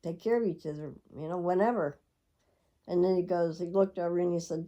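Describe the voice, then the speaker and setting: A woman's voice: fairly low pitch, steady tone, fairly quick, mellow. A middle-aged woman telling a rambling, reflective personal story to her viewers. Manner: rambling, reflective, with frequent laughs. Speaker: vlogger.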